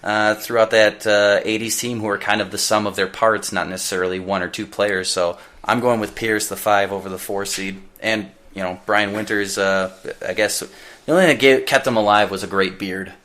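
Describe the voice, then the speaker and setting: A man's voice: fairly low pitch, fairly even intonation, normal speed, a bit bright. A man co-hosting a sports podcast, rambling through his picks with plenty of fillers and strong opinions. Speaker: podcast co-host. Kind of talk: casual sports podcast chat.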